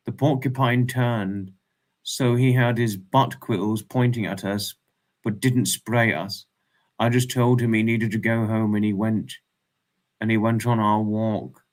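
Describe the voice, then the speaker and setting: A man's voice: medium pitch, fairly even intonation, a little slow. A man hosting a casual livestream, reading chat messages aloud and reacting with frequent laughs.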